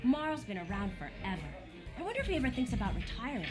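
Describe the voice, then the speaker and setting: An impatient young spectator with a high, lively voice. Music runs behind her in the game. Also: fast talker. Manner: impatient, chiding.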